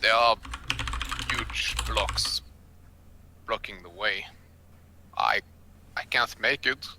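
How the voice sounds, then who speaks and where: Bright-voiced young man, joking player. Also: lowish voice, slow, a little hiss or hum. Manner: flippant, joking. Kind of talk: casual in-character game chat.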